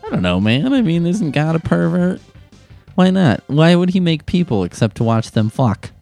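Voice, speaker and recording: A man's voice: fairly high pitch, very animated, normal speed, creaky, a little mellow, faint music behind. A young man hosting a comedic advice show, answering letters with sarcastic, profane rants. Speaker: advice-column host.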